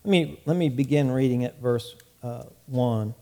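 A man's voice: mid-range voice, normal speed, dark tone. A male pastor preaching a sermon in a small church, earnest and prone to repeating words as he goes.

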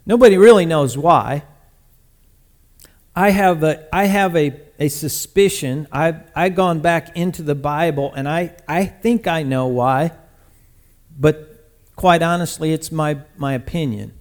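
Man, sermon storytelling, slightly high voice, casual and animated, sudden loud bursts. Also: measured pace. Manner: lively, conversational retelling with sudden loud bursts. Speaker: pastor.

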